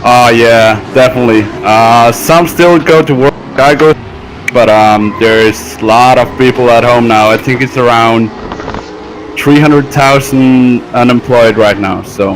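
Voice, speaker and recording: A man from Norway, a drift driver, chatting in a laid-back way over a video call, with short answers and soft laughs. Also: medium pitch, a little slow, slight background noise, rough recording. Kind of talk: casual video-call chat.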